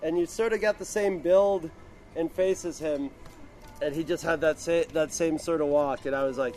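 A man's voice: on the high side, normal speed, a little mellow, soft background music. A man as a podcast guest in casual chat, rambling and laughing often.

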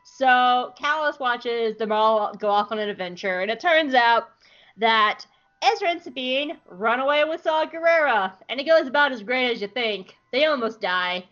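A woman co-hosting a podcast, recapping an episode in a lively, joking way and briefly mimicking the characters. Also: a little high, normal speed, lo-fi sound. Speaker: podcast co-host.

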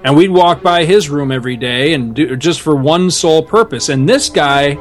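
A man's voice: on the high side, lively intonation, moderate pace, soft background music. A middle-aged man retelling his own school pranks as a podcast co-host, laughing and mischievous. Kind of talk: casual storytelling chat.

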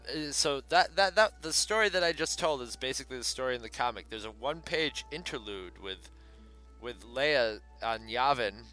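A man's voice: mid-range voice, animated, normal speed, sharp tone, soft background music. A man in casual chat, rambling through a comic plot with many fillers and asides.

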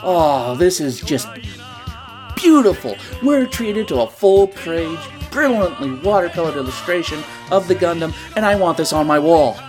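A man hosting a podcast, recapping a comic book with sarcastic, joking asides and sudden bursts of excitement. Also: a little high, normal speed, hardly any pauses, over music. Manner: excitable, swings between loud and quiet. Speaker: podcast host.

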